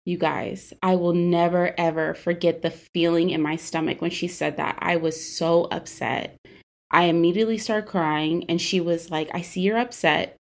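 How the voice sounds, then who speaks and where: Young woman podcast host, lowish voice, candid emotional storytelling, casual fillers. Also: fairly even intonation, moderate pace, creaky. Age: 20s. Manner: candid, emotional, frequent "like" and "you know" fillers.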